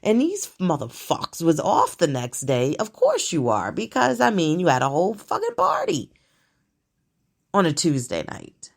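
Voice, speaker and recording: A woman's voice: fairly low pitch, wildly swooping pitch, a little slow, vocal fry. A woman hosting her own show, talking through current events in a casual, blunt, profane monologue and laughing often.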